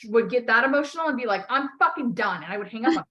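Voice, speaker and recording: Woman, life coach, bright forceful voice, blunt, swears a lot, encouraging. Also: a little high, expressive, racing, muffled recording. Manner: blunt, emphatic, swears often; encouraging, repeats key phrases. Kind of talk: coaching call.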